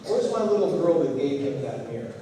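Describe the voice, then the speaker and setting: A man's voice: mid-range voice, very animated, fairly quick, dark tone, slight background noise. A middle-aged man giving a motivational talk to students at a school assembly, telling a story and acting out the voices in it. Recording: echoey hall, far from the mic.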